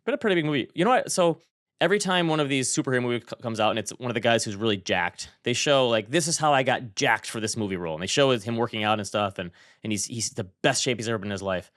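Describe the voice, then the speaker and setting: A man co-hosting a podcast, telling stories in animated, chatty banter. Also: mid-range voice, fast, no echo, clean studio sound. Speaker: podcast co-host. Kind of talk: casual chat.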